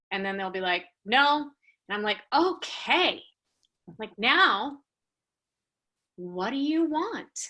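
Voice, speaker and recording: Woman, 30s, real estate team lead coaching her agents: brisk, animated, a bright and forceful voice set a little high. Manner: brisk and animated, acting out client dialogues. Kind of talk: casual team training talk.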